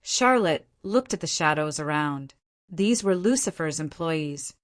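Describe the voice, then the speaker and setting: Woman audiobook narrator, measured, lowish voice. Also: expressive. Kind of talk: scripted narration.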